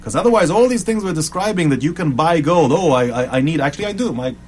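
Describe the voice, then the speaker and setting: A man's voice: fairly high pitch, animated, fast. A middle-aged man hosting a casual chat about games, talking in long rambling stretches with restarts and tangents. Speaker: podcast host. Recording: faint background noise.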